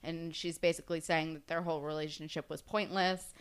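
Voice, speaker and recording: A woman's voice: low-pitched, flat delivery, fairly quick, clear, resonant tone. A woman co-hosting a podcast in casual chat, thoughtfully picking apart the characters. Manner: reflective, analyses the characters. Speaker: podcast co-host recapping a TV episode.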